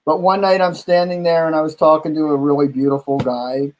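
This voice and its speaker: A man with a slightly higher voice spins lively nightlife anecdotes in a relaxed conversation. He keeps the chat casual and acts out the lines of the people in his stories as he goes. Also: brisk, muffled recording, slight background noise. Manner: animated anecdote-telling, acting out quotes. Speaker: bar owner and guest host.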